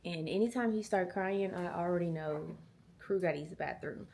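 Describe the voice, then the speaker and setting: Talking into a small handheld camera, this twenty-something mom vlogger is chatty and animated, throwing in "y'all" and "girl." Her voice is lowish and her speed normal, with a little hiss or hum in the audio.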